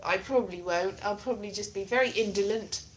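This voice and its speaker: A woman's voice: medium pitch, brisk, slight background noise. Playful, theatrical woman streamer. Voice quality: playful, theatrical and self-mocking. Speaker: streamer chatting with viewers. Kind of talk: casual live-stream chat.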